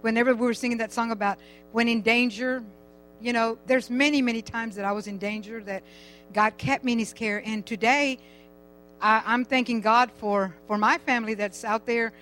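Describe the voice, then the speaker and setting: A woman's voice: on the high side, fairly even intonation, moderate pace, a bit bright, a little hiss or hum, low-quality recording. Older churchwoman rambling through a testimony. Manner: rambling, chatty, laughs as she talks. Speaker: church member giving testimony. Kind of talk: personal testimony at a church service.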